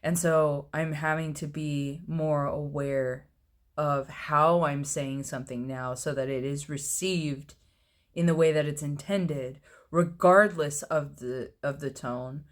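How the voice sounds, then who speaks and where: A man in his thirties, chatting casually to camera in a personal vlog, with a low, mellow voice, laughing often at himself. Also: steady tone, slow. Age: 30s. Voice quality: low, mellow voice with little fluctuation. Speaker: vlogger.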